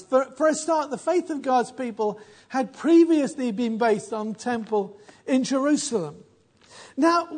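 Guy with a really high voice doing a bible history talk, chatty and wry, keeps restarting sentences. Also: a little mellow. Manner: wry, conversational, with frequent restarts. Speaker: Bible teacher.

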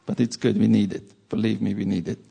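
A man preaching a sermon with a low, gravelly voice and a husky edge. His tone is dark and mellow, and he speaks earnestly, repeating words to drive a point home. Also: flat delivery, brisk. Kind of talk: sermon with a personal story.

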